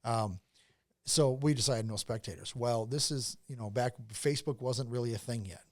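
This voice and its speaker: A man's voice: mid-range voice, normal speed, darkish tone. A man as a podcast guest, telling a long casual story with lots of fillers, restarts and swearing.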